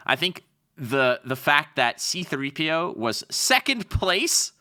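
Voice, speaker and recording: A man's voice: on the high side, big pitch swings, slow, pushed and bright. A young adult man from Canada co-hosting a podcast, bantering and joking in casual chat. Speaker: podcast co-host.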